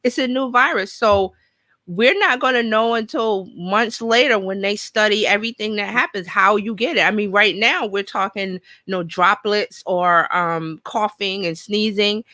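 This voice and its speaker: A woman's voice: medium pitch, normal speed, bright, forceful tone, no echo. A woman from New York hosting a casual live show, chatting and reading out viewer comments. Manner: chatty, thinks aloud, reads viewer comments. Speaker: host.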